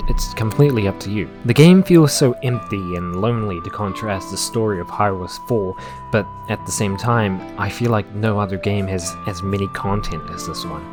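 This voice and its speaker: A man narrating a scripted video essay with enthusiasm, jokes and frequent swearing. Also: lowish voice. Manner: enthusiastic, profane, joking.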